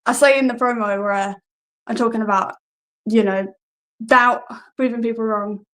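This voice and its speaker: A wrestler, talking in a casual, hesitant way and often laughing at herself. Her voice sits a little high for a woman. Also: steady tone, normal speed, fairly bright tone, low-quality recording. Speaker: guest wrestler. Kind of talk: casual interview answers.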